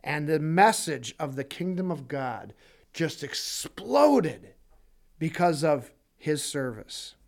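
A man leads a casual bible study in a fairly high voice. He teaches in an animated, conversational way, breaking off to ask the group questions. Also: slow pace. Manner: animated, acts out quotes, conversational asides.

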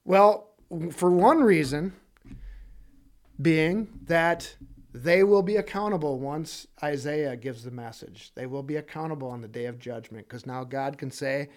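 Guy teaching bible study, kinda high voice, animated, chatty asides, acts out the quotes. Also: unhurried. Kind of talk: casual bible study sermon.

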